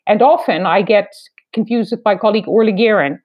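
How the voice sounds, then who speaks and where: A woman in her fifties from eastern Canada, a foreign correspondent with a Canadian accent, speaking in a measured, wry, reflective way in an interview. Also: mid-range voice. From New Brunswick, Canada. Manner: measured, wry, deliberate phrasing. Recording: slightly dull lo-fi sound.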